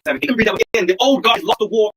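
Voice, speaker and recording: Man, livestream host, high voice, husky, preachy, repeats himself. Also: very fast, a bit bright, rough recording. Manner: preachy, repeats lines, asks listeners if they understand. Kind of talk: numerology livestream monologue.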